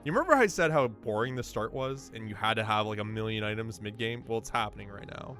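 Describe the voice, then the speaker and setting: Excitable man commentating a game race. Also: lowish voice, fast talker, soft background music. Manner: excitable, laughs often, jumps to loud disbelief. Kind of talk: casual game commentary to chat.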